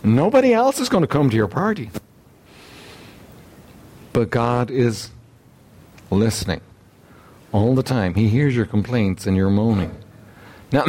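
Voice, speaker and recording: A man preaching a sermon, emphatic and repetitive, often clearing his throat and asking rhetorical questions. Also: on the low side, a little mellow. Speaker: pastor.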